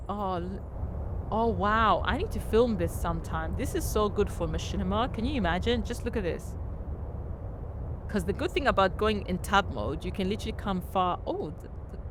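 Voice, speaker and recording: A woman giving casual let's-play commentary, chatty and exclaiming, talking to the game characters while game music plays. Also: fairly high pitch. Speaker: gameplay commentator.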